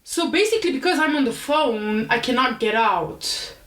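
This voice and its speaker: A young woman podcast host casually telling a story in an animated, chatty, self-deprecating way. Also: sits high, moderate pace, roomy sound.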